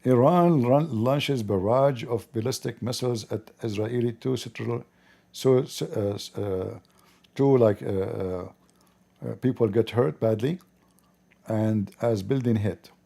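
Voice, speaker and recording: A man's voice: medium pitch, measured pace, vocal fry, mellow. A man hosting a show, giving sarcastic, interrupting commentary on news clips. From Arab world. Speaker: host reacting to news clips. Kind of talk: mocking live commentary.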